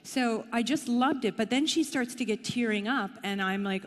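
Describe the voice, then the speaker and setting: A woman's voice: fairly high pitch, normal speed. A middle-aged woman from Canada giving a conference talk in a chatty, playful, self-deprecating way. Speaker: conference speaker. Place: conference hall. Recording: long hall reverb.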